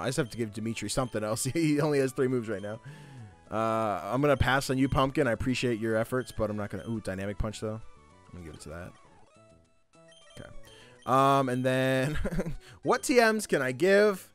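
A man chatting casually while streaming a video game, playful and laughing, swearing now and then. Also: medium pitch. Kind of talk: casual gameplay chat.

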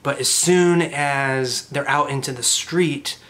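A man's voice: mid-range voice, slow pace, a bit bright. A man casually recapping a tabletop game session in a loose, rambling way with lots of filler words. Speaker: storyteller recapping a tabletop campaign.

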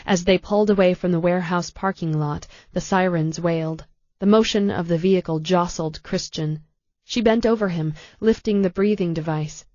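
A woman narrating an audiobook in a calm, measured way. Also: on the low side, dry recording, dull audio. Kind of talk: scripted narration.

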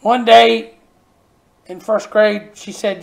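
An older man preaching a sermon, telling homespun stories and repeating words for emphasis, sometimes dropping to a soft near-whisper. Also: sits high, measured pace. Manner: folksy storytelling, repeats words when stressing a point.

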